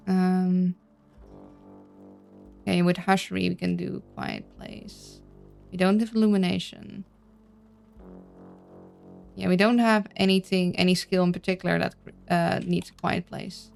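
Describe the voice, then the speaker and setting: A woman's voice: lowish voice, creaky, a little mellow. A woman casually playing a narrative game, reading its text aloud with chatty, playful asides and stumbles over names. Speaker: let's-play streamer.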